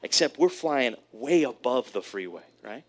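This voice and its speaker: A man preaching a sermon, telling a personal story in an animated way, often checking in with "right?". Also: mid-range voice, moderate pace. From California, USA. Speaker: pastor.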